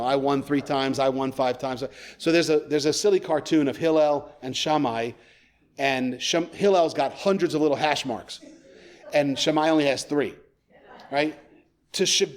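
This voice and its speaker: A man in a church sanctuary, giving a conversational sermon as a rabbi with joking asides. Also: on the high side. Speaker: rabbi, guest preacher.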